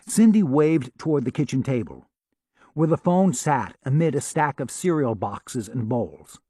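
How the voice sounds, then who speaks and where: A man reading a novel aloud as an audiobook narrator, steady and expressive. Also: medium pitch, a little slow, breathy edge, no echo, clean studio sound. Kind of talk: scripted narration.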